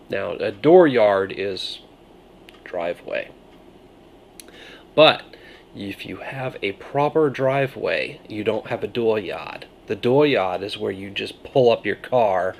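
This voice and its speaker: A man's voice: on the low side, slow pace, gravelly, a little hiss or hum. A man from Maine with a Maine accent, casually reviewing a cider in a rambling, jokey way. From Maine, USA. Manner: rambling, jokey, self-interrupting.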